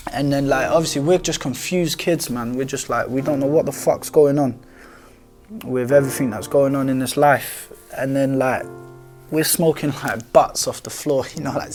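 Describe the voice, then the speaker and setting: A young man tells his story in casual street talk, peppered with slang, curses and "you know what I'm saying". His voice sits at an ordinary middle pitch. Faint music plays quietly under him. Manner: informal street slang, frequent swearing and fillers. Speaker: documentary subject telling his life story. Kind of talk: candid storytelling to camera.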